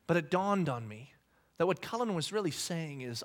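A man in his thirties preaching a sermon, telling stories in a lively, conversational way and acting out the dialogue. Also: on the high side, moderate pace. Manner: animated storytelling, acting out quoted dialogue; conversational with many restarts. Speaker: pastor.

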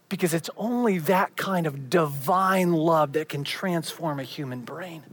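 A preacher delivering a sermon, building up with emphasis and then dropping to hushed, quiet endings. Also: mid-range voice, measured pace, hardly any pauses.

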